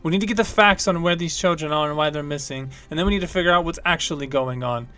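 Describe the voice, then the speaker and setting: A man voicing a young woman who calmly takes charge of a crowd in a firm, weary way. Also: on the high side, fast talker, clear, resonant tone. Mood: commanding. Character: calm young woman with platinum hair taking charge.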